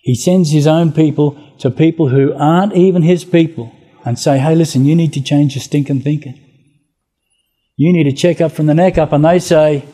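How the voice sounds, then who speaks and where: Mellow-voiced male preacher. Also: on the high side, moderate pace. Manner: animated storytelling, acting out biblical voices. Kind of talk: sermon.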